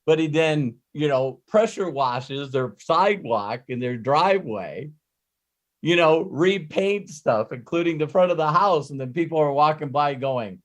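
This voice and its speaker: Animated storytelling man, slightly high voice. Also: unhurried. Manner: animated storyteller who laughs and acts out quotes. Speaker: host and business coach. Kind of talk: live coaching call.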